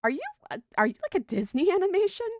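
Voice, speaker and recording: A woman's voice: a little high, lively intonation, a little fast, no echo, clean studio sound, lightly acted. A woman reading a story aloud, voicing a bewildered, thirsty man lost in the desert who talks in a hesitant, stammering way.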